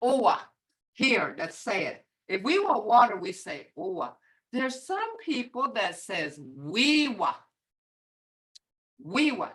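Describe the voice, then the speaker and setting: Older woman teaching slowly on a video call. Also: medium pitch, very animated, fairly bright tone, recorded from a distance. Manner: patient, repeats words slowly to demonstrate tone. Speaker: language teacher. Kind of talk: online beginner language class.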